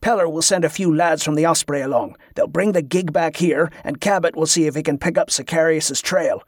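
A man's voice: on the high side, a little fast, no room sound, clean studio sound. Man voicing a growling, scornful male ringleader. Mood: gruff commanding. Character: gruff bullying male schemer, a leader.

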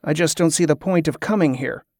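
A man's voice: fairly high pitch, brisk, darkish tone, dry recording. A reader voicing a wary young man who answers in short, curt lines, close to the reader's own voice. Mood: guarded.

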